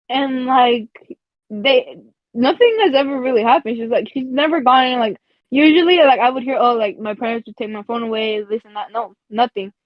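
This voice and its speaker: A woman's voice: high-pitched, no room sound. A woman co-hosting a podcast, telling a story in a casual, profane way with lots of fillers and laughs between phrases. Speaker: podcast co-host. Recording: dull lo-fi dry recording.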